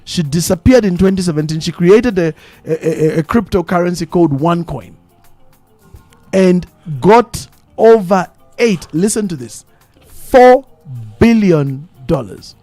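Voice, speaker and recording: A man with a Zambian English accent hosting a live radio talk show, telling stories in an animated way and repeating phrases for emphasis. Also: sits high, measured pace, no room sound, faint music behind. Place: radio studio. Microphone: studio microphone.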